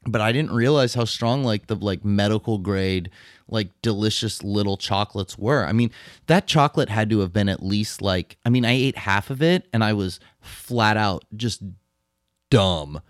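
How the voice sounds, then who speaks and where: Laid-back lower-voiced man telling a story. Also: normal speed, no echo, studio quality. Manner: animated, swears, laughs while telling stories. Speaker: podcast co-host. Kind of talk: casual chat, storytelling.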